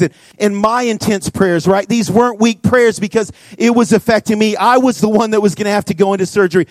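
A young man, a youth pastor, preaching to students and telling a personal story in an earnest, animated way with many casual fillers. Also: high voice, moderate pace, dry recording. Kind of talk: sermon to students. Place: church youth room.

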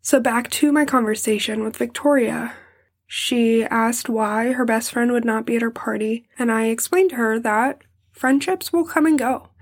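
A fairly high-voiced young woman talks through a painful personal story on her podcast. She pauses often to keep from crying and sometimes falls to a near whisper. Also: steady tone. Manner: emotional, pausing to hold back tears. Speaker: podcast host.

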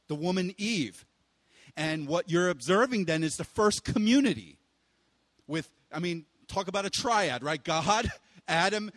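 Young male pastor, high voice, casual animated sermon delivery; long hall reverb. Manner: casual, animated, with playful voices and bursts of loud exclaiming.

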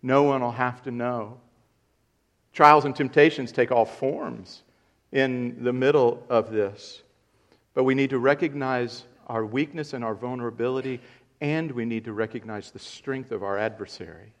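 A man's voice: mid-range voice, moderate pace. A man, a pastor, preaching an earnest sermon who repeats key points and rises in volume for emphasis.

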